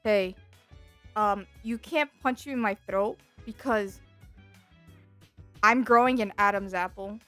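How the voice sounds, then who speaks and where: A woman doing a deadpan serious little boy. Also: mid-range voice, slow pace, long pauses, soft background music, voice pushed down. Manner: flat, very serious. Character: serious young boy warning calmly.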